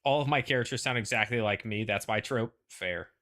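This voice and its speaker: Bright-voiced man rambling casually. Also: on the low side, brisk. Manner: rambling, hedging, chatty. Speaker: show host. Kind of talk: casual pre-show chat.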